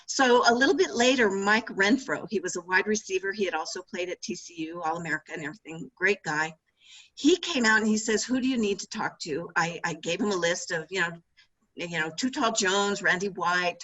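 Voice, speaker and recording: A middle-aged woman, an author, telling animated anecdotes in an interview over a video call. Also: fairly low pitch, a little fast, rough recording. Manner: animated anecdotes with laughter and restarts. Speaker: author and former sportswriter. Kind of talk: storytelling interview answers.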